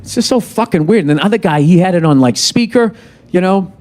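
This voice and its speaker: A man's voice: sits high, animated, quick pace, darkish tone. A man in his fifties doing stand-up on a club stage, ranting in an exasperated, profane way. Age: 50s. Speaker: stand-up comedian. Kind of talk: stand-up comedy routine. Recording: live audience and crowd noise.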